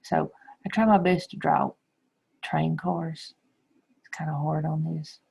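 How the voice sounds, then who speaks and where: A middle-aged woman teacher explaining phonics to young children slowly and patiently. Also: low-pitched, steady tone, gravelly, darkish tone, slightly rough, rough recording. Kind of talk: recorded phonics lesson.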